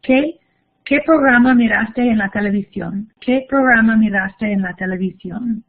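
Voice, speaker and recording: Over phone-like narrow audio, a young Spanish teacher runs a live online class, cheerfully encouraging students as she reads their chat answers aloud. She has a fairly high-pitched voice and talks at a normal speed.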